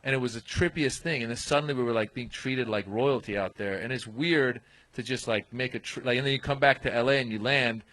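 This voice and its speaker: A man telling an animated story as a guest comedian on a comedy podcast. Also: mid-range voice, a little fast, hardly any pauses, poor audio. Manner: animated storyteller, acts out voices.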